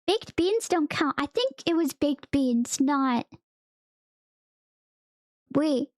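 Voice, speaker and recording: A woman's voice: high voice, animated, slow pace, no echo, clean studio sound. A young woman streamer chatting casually to her viewers, rambling through a story and laughing often between sentences.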